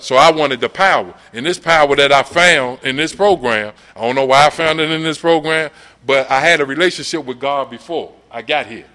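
Man, middle-aged, earnest testimony, conversational, bright forceful voice. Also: mid-range voice. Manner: earnest, conversational, repeats "you dig?". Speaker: recovery meeting speaker. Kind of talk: personal testimony share.

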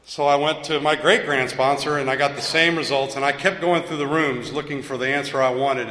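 A man speaks in a halting, searching way at a recovery meeting, often stumbling over his words and starting sentences again. His voice is bright and forceful. It rings out through a large, echoey hall with a long reverb tail. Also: medium pitch. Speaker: member sharing at a recovery meeting. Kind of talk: personal share with a told joke.

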